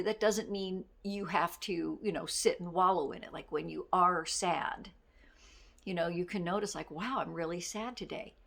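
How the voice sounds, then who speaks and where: A middle-aged woman giving a casual motivational talk as a life coach, candid and self-deprecating, with quick laughs. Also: fairly low pitch, vocal fry.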